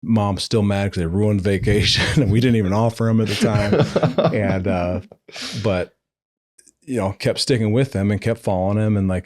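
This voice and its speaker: A man in his forties, a football coach guest on a podcast, telling an animated story, acting out the dialogue and laughing as he goes. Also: on the low side, moderate pace, no echo, studio quality. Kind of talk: conversational storytelling.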